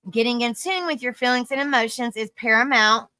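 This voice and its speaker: A woman's voice: a little high, brisk, bright, forceful tone, no echo. A tired woman hosting a live stream, reading an article aloud and greeting viewers with fond names like sweetie and honey, stumbling over hard words. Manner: affectionate toward viewers, calls them sweetie and honey.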